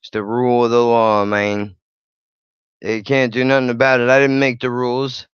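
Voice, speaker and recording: A man's voice: mid-range voice, flat delivery, normal speed, clear, resonant tone, no room sound, muffled recording. A man hosting his channel, reacting to videos with blunt, profane, sarcastic commentary. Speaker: channel host.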